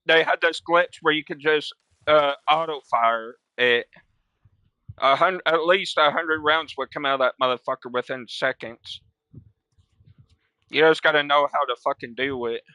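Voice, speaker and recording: A young man streaming a game, telling stories in casual, profane slang, breaking into loud quoted voices. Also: a little high, normal speed, clear, resonant tone, dry recording. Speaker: gaming streamer. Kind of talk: casual storytelling while playing.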